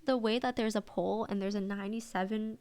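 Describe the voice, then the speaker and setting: A woman streamer chatting casually with her viewers during a reaction stream. She gets excited easily, exclaims often and sprinkles Japanese phrases into her talk. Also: medium pitch, brisk, clean tone.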